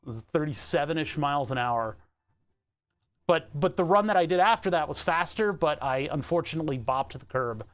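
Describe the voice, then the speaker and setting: A man's voice: a little high, lively intonation, normal speed. A nasal-voiced American man rambling casually to his live-stream viewers while he works, laughing often. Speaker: livestreamer.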